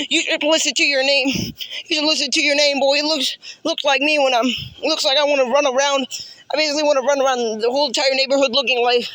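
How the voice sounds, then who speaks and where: A man's voice: extremely high pitch, fairly bright tone, dry recording. A man delivering a rambling, profane improvised roast, repeating himself and taunting. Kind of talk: improvised insult rant.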